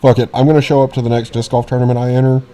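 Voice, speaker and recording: A man's voice: medium pitch, flat delivery, rapid-fire. A young man co-hosting a podcast, talking bluntly in casual, profane banter. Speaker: podcast co-host.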